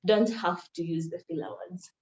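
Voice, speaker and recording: A woman's voice: fairly low pitch, steady tone, moderate pace, a little mellow. Woman coaching in a roomy, muffled recording. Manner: earnest, instructive, repeats key points. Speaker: moot court presenter. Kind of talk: workshop talk. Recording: roomy, dull lo-fi sound.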